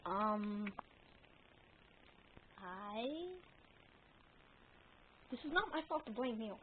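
A woman's voice: mid-range voice, expressive, extremely slow. A woman acting out a playful action figure wrestling skit, rambling and bantering back and forth with herself. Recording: tinny phone-like recording with faint noise.

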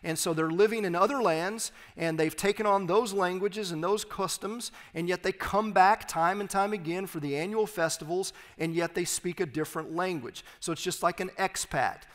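A man's voice: sits high, moderate pace, hardly any pauses. A man with a Texan accent, a pastor giving an emphatic teaching sermon with humorous asides in a church. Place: church sanctuary. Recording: long hall reverb.

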